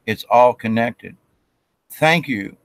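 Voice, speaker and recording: A man's voice: mid-range voice, slow pace, no room sound. A man giving a casual spiritual talk, rambling with restarts and acting out quotes of himself and others.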